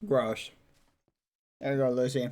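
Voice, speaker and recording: A live streamer talks casually to chat from a desk, in no hurry at all. The delivery is relaxed and drawn out, with an easy, unforced pace. Now and then the voice turns to cooing at a pet dog. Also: mid-range voice, unhurried. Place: indoors at a desk.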